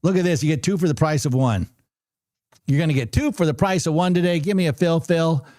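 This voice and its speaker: A chatty, excitable man talks his viewers through what he is doing live, often saying numbers twice. His voice sits a little high, and the sound is dry and close, with no room echo. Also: brisk. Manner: chatty, repeats numbers aloud. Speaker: livestream trading host. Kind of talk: casual live-stream commentary.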